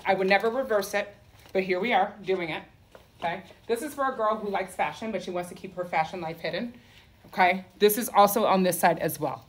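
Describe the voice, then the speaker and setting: A woman running a live sale from her clothing store, with sassy, campy patter full of "okay?" and "honey". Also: mid-range voice. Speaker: boutique owner selling clothes on a livestream.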